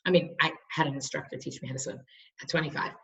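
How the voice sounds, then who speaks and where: A woman's voice: rumbling low, steady tone, quick pace, bright, forceful tone, recorded from a distance, lo-fi sound. A woman in her thirties teaching a study class, chatty and storytelling with frequent restarts.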